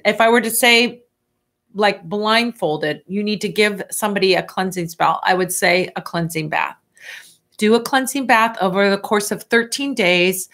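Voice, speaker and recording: A middle-aged woman hosting a casual live Q&A, chatty and animated as she answers viewer questions. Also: mid-range voice. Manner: chatty and animated, stretching words for emphasis.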